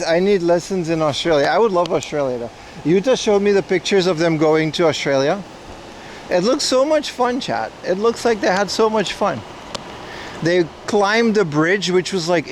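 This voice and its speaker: A man's voice: on the high side, a little hiss or hum. A man hosting a casual livestream outdoors on the street, rambling and chatting with his viewers as he walks. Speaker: livestream host. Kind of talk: casual livestream chat while walking. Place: outdoors on streets and at a shrine in hot weather.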